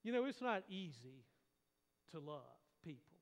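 A middle-aged man from North Carolina, preaching a folksy sermon that drops to a hush for suspense and then swells. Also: on the high side, big pitch swings, moderate pace. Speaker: pastor. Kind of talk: storytelling sermon. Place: church sanctuary. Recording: long reverb of a large hall.

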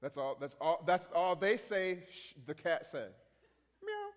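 Man, minister, storytelling testimony, halting and rambling, raised pitch, long hall reverb. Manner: halting, rambling, many restarts.

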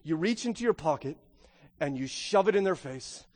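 Brief: male pastor, high voice, emphatic sermon delivery, long hall reverb. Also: animated, moderate pace, a little mellow. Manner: emphatic, rhetorical questions, frequent "right?". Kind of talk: Easter sermon preaching.

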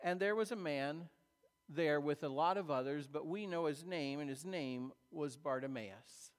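A man preaching a sermon as a pastor, retelling a story in a conversational way with dramatic pauses. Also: a little high, fairly bright tone. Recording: long reverb of a large hall.

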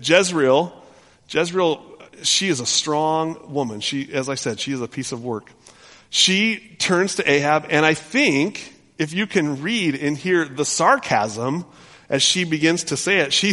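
A male pastor retelling a scripture story in an animated sermon, often restarting his sentences. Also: on the high side, moderate pace. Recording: long hall reverb.

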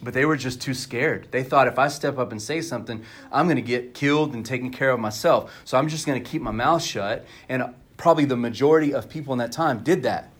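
A man's voice: mid-range voice, brisk, hardly any pauses, slightly rough. Candid conversational male pastor preaching. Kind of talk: sermon.

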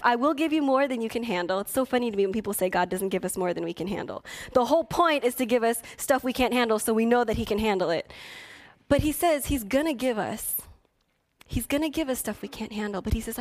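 A young woman delivers a sermon as a youth pastor, her voice sitting a little high. She preaches with feeling, pushing some lines out loud and dropping others to a hushed near-whisper. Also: brisk.

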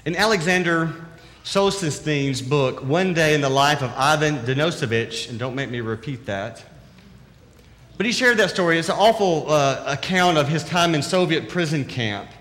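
A man's voice: on the high side, animated, moderate pace, fairly bright tone, long reverb tail. A man with a Southern accent giving an earnest, conversational sermon that is full of rhetorical questions. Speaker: preacher.

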